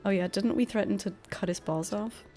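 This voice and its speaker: A woman's voice: medium pitch, a little fast, warm tone, soft background music. A young woman streamer chatting casually over a game, swearing freely and answering her chat. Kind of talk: casual gaming commentary.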